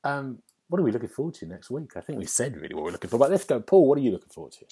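Husky-voiced man hosting. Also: medium pitch, sing-song, very fast, mellow. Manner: rambling, full of fillers and restarts. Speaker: podcast host. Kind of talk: casual chat.

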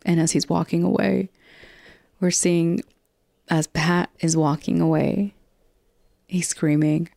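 A woman's voice: on the low side, fairly even intonation, slow, gravelly, long pauses, dark tone, no echo, studio quality. A woman hosting a casual podcast recap, chatty and rambling, with frequent restarts and casual swearing. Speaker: podcast host recapping a TV episode. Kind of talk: casual chat.

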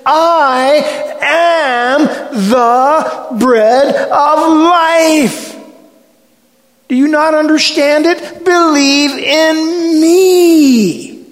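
An earnest, urgent Jesus calls his listeners to trust him, as a male preacher voices him. The voice is high and unhurried, with a long echo from a big hall. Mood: pleading. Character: Jesus, a man teaching and pleading earnestly.

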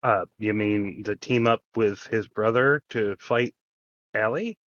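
A man's voice: fairly low pitch, slow, a bit bright, no echo, highs cut off. A man co-hosting a podcast in casual chat, recapping plainly and laughing easily. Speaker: podcast co-host.

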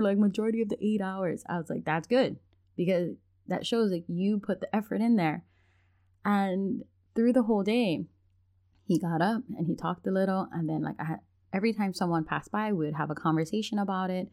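A woman's voice: mid-range voice, fairly quick. A woman casually telling a parenting story, acting out the voices in her dialogue and laughing often. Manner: animated, acts out quoted dialogue, laughs often.

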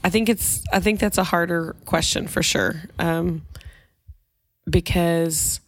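A woman's voice: fairly low pitch, fairly even intonation, slow, no room sound. A woman co-hosting a parenting podcast, explaining things thoughtfully in casual chat. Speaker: podcast co-host.

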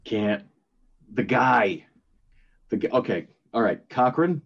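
This older male podcast co-host rambles through casual chat, full of fillers and false starts. He speaks slowly in a gravelly, lowish voice with lively intonation, captured on a muffled recording.

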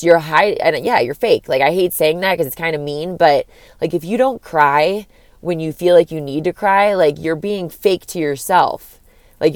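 Young woman vlogger, low voice, dry close sound, loose rambling delivery with casual swearing. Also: a little mellow, no room sound. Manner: rambling, frequent "like", swears freely. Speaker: vlogger giving breakup advice. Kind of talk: casual candid monologue.

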